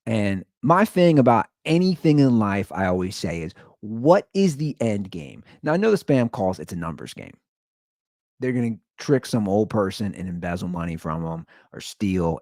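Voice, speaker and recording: Man, podcast host, profane comic rant, animated swings, dry room. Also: dry recording. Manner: animated, profane, swings between loud outbursts and low asides. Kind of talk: ranting comedic storytelling.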